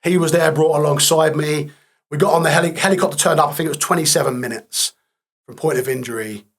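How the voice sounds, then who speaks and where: A man sits as a podcast guest and recounts his story plainly, blunt and matter-of-fact, with flashes of dark humour. His voice sits a little high for a man. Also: quick pace, slightly rough. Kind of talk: candid storytelling interview.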